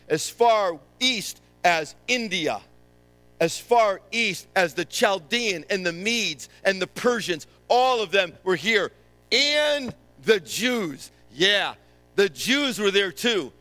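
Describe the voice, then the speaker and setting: A man preaching a sermon as a playful, animated story retelling. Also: high voice.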